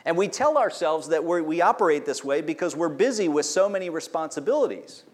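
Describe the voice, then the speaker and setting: Pastor preaching a sermon, slightly high voice. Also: male voice, expressive, brisk. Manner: teaching, asks the congregation questions.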